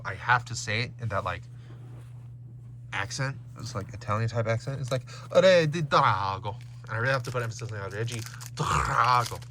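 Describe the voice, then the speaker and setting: At home, a man opens trading card packs and chats casually, animatedly reading card names and stats out loud. His voice sits at medium pitch, with slight noise in the background.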